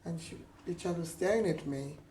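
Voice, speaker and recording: A woman's voice: on the low side, fairly quick, mellow, a little hiss or hum, rough recording. A woman in a casual group discussion, telling stories and acting out the people in them. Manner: anecdotal, acts out quoted voices.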